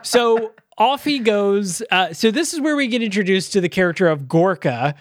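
Brief: male podcast co-host, fairly high voice, dry close sound, loose rambling film recap. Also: expressive, moderate pace, no room sound. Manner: loose retelling full of uh and um fillers. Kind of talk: casual movie review chat.

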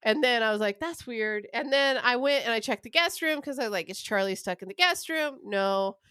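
A woman's voice: a little high, animated, fairly quick, sharp tone, clear, resonant tone, dry recording. A young adult woman telling a long, rambling, profane story in casual chat.

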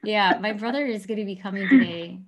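A woman's voice: medium pitch, a little fast, a loud crowd. A woman in her thirties co-hosting a podcast, chatting casually and reflectively, with frequent restarts. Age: 30s. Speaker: podcast host. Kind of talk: casual chat.

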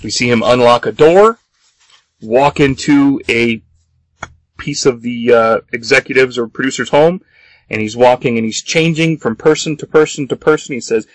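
A man's voice: mid-range voice, moderate pace, no echo. A man co-hosting a podcast, recapping a comic book in casual talk and reading its dialogue aloud with small voice shifts. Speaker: podcast co-host.

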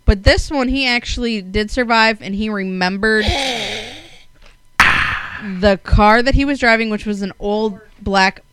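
A woman's voice: medium pitch, takes it slowly, fairly bright tone, slight background noise, low-quality recording. A woman from Wisconsin hosting a casual true-crime podcast, swearing freely and tripping over her words. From Wisconsin, USA. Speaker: podcast host.

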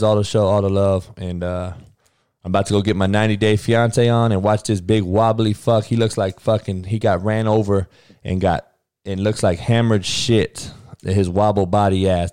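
A man's voice: lowish voice, darkish tone, clean tone, no room sound, clean studio sound. A middle-aged man hosting his own podcast, talking in a brash, profane, rambling way and tacking "man" onto his sentences. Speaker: podcast host. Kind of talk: casual solo podcast rant.

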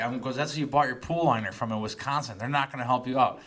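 A man talking at a brisk clip in casual podcast banter. He tells a profane, rambling story and slips into the voices of the people in it. His voice sits at an ordinary middle pitch. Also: sharp tone. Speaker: podcast co-host.

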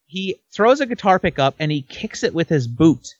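A male guest telling a wild story with animated emphasis. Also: a little high, moderate pace, no echo, dull audio. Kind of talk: casual storytelling.

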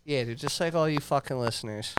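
A man's voice: mid-range voice, brisk. A man co-hosting a casual podcast, swearing freely and saying "dude" constantly. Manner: profane, says "dude" constantly. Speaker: podcast co-host. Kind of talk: casual chat. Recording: noisy recording.

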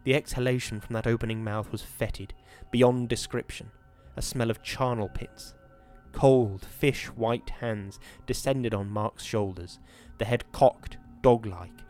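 A man hosting a podcast, giving a measured, dramatic reading of a horror novel and then chatting about it. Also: lowish voice, a little mellow, faint music behind. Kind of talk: dramatic reading and casual commentary.

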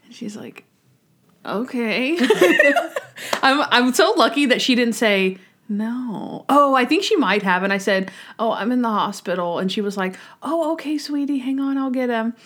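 A woman's voice: on the high side, measured pace, slight background noise. Giggly young woman telling stories. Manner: giggly, animated storyteller, many "like"s. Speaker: podcast co-host. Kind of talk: casual chat, storytelling and episode review.

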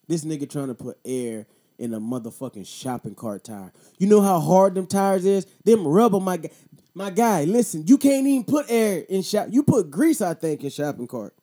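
A man's voice: a little high, warm tone. A man in his thirties hosting a casual show, telling a profane, slangy story and then talking about voting. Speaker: podcast host.

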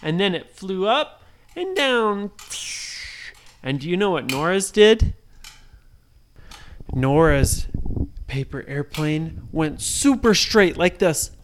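A woman improvising a bedtime story for a child, lively and singsong, often pausing to ask the child questions. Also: on the low side, slight background noise. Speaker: parent telling a bedtime story.

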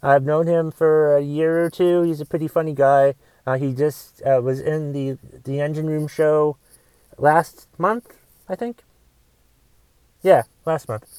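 A man hosting a podcast who talks in a hesitant, low-key way with many fillers. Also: steady tone, unhurried, a little mellow, clear, resonant tone, dry recording, low-quality recording. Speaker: podcast host. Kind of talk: casual chat.

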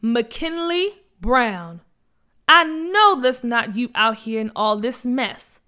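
A woman voicing a stern older male church deacon who lectures slowly. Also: fairly high pitch, lively intonation, bright, forceful tone, exaggerated voice. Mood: scolding.

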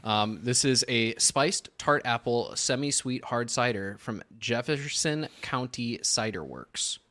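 A man's voice: medium pitch, animated, slow, pushed and bright. A man co-hosting a podcast in casual chat, often hesitating with filler sounds. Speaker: podcast co-host.

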